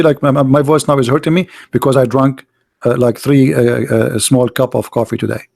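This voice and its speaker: A man with a somewhat high voice holds forth in an argumentative monologue. He is emphatic and scornful and repeats words for force. He swings between loud outbursts and low, muttered asides. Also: normal speed, creaky. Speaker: street debater.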